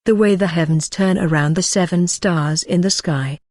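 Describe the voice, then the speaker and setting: A woman's voice: lowish voice, normal speed, darkish tone, dry recording, clean studio sound, natural voice. A woman voicing a devoted, indignant young maid who defends her mistress in an audiobook. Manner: fervent and defensive.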